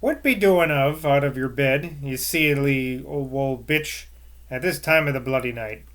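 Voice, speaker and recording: A man voicing a grinning old male former tradesman who talks in a broad Somerset country dialect, gruff and coarse. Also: mid-range voice, measured pace, a bit bright, close to an everyday voice.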